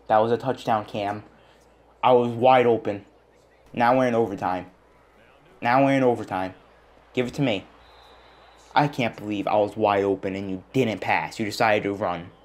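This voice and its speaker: A young man giving excited gameplay commentary as a gaming channel host, groaning and yelling at his team. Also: on the low side. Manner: frustrated, yelling at the game. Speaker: gaming YouTuber.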